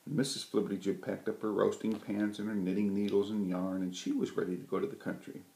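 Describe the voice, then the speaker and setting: A man reading a children's story aloud with a gentle, lively delivery. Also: on the low side, fast talker, vocal fry. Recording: roomy echo.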